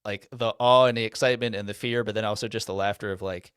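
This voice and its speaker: A man's voice: lowish voice, steady tone, quick pace, fairly bright tone, clean tone, no room sound, studio quality. A man who is a podcast guest in a casual chat, telling a story with self-deprecating humor. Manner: self-deprecating, laughs at himself.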